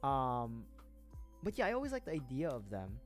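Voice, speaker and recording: Speaking at a normal speed in a mid-range voice whose pitch swoops wildly, this man chats on a livestream while assembling a model kit. His talk is loose and rambling, full of muttering and frequent cursing, over faint background music.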